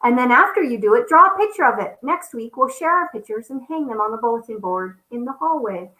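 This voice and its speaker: A woman reading a kind female schoolteacher's lines aloud from a picture book, in a gentle, encouraging way. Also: on the high side, animated, fairly quick. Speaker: storybook teacher. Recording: roomy echo.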